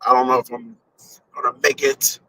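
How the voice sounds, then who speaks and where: A man's voice: mid-range voice, level tone, moderate pace, pushed and bright, dry recording, low-quality recording. A man chatting loosely on a live stream while driving, rambling and swearing casually as he thinks aloud. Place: in a car on a highway.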